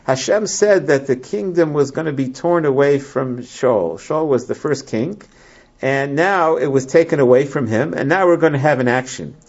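A man teaching a Bible class to a small group. He reads verses aloud and explains them in a halting way, with many restarts. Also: medium pitch. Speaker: Torah teacher. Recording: lo-fi, muffled recording.

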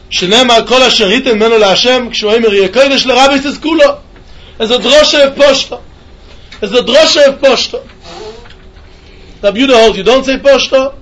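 Guy teaching talmud, real high voice, singsong yeshiva lecture vibe. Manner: animated singsong, mixing Yiddish and Hebrew terms.

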